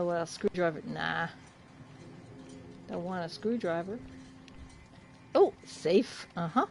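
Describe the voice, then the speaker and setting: A woman's voice: lowish voice, a little hiss or hum. A woman from the UK chatting casually with her livestream chat while playing, laughing often. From United Kingdom. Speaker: game streamer.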